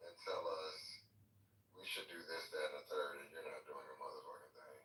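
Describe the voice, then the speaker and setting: A man's voice: rumbling low, little pitch movement, a little fast, bright, forceful tone. An American man in a heated political debate, talking in a confrontational, mocking and profane way. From United States. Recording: echoey, distant voice-chat audio.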